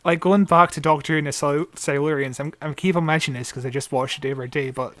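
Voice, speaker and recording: Earnest higher-voiced male podcast co-host. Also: fairly even intonation, fast, fairly bright tone, no room sound. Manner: earnest, reflective, repeats words as he thinks. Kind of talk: casual podcast discussion.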